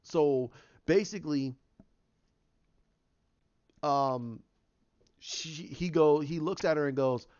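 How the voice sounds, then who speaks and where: A man's voice: fairly high pitch, takes it slowly, pauses often, a little mellow, clear, resonant tone, lo-fi sound. A man casually retelling his own movie idea, rambling with lots of restarts and fillers. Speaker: fan pitching a movie idea.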